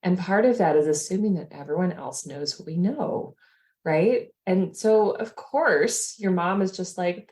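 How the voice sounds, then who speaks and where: A woman's voice: on the low side, unhurried, a little mellow. A woman hosting a podcast as a life coach, thoughtful and affirming as she reflects and asks questions. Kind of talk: casual podcast conversation.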